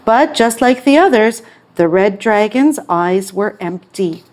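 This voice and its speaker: A woman teacher reading an English picture book aloud to children, with an expressive, clear read-aloud manner. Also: medium pitch, a little slow, a little hiss or hum.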